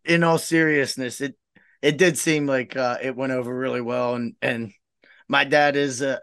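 A man's voice: mid-range voice, smooth, no room sound. A man co-hosting a casual fishing podcast, telling a story with plenty of laughter and acting out what his father said. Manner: laughing storyteller, lively impressions of his dad. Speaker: podcast co-host; tournament organizer. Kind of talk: casual chat.

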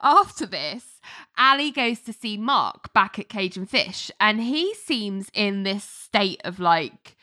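A woman's voice: medium pitch, big pitch swings, slow pace, bright, forceful tone. A woman host chatting casually, retelling a TV episode with lots of "like" and giggles. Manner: chatty storytelling, full of "like" and laughter. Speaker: podcast host recapping a TV episode. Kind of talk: casual chat.

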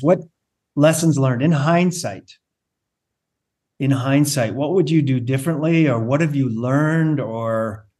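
A man's voice: mid-range voice, a little mellow. A man hosting a business podcast, asking guests encouraging questions. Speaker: podcast host. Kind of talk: podcast interview.

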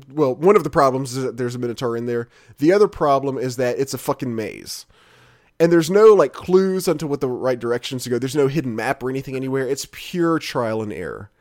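A man's voice: medium pitch, darkish tone. A man hosting a casual chat, rambling and swearing freely with many restarts. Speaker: podcast host.

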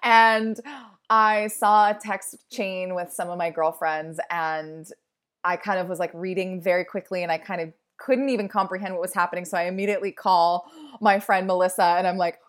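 A woman's voice: lowish voice, fairly even intonation, normal speed. A woman in her thirties hosting her own podcast, talking candidly and emotionally in a casual, chatty way full of "like"s. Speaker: podcast host. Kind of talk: casual personal podcast monologue.

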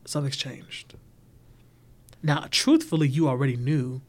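A man's voice: medium pitch, fairly even intonation, unhurried. A man co-hosting a podcast, telling earnest personal stories in casual chat. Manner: earnest storytelling, acting out quoted voices. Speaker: podcast co-host.

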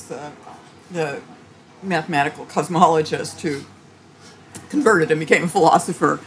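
A woman theologian answering interview questions in a thoughtful, halting way, with frequent restarts and light laughter. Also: low-pitched, a little hiss or hum. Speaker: theologian guest.

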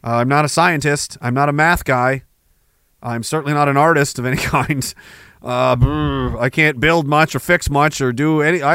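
Male podcast host, angry profane ranter, sarcastic, pitched high. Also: moderate pace, a bit bright, smooth, no room sound. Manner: sarcastic asides. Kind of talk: livestream rant reading chat messages.

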